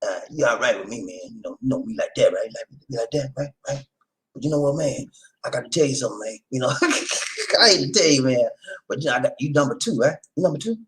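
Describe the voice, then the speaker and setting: A man putting on the voice of a friend who teases someone in a low, confiding tone. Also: lively intonation, natural voice, rough recording. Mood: teasing. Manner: low, hushed, drawn-out teasing.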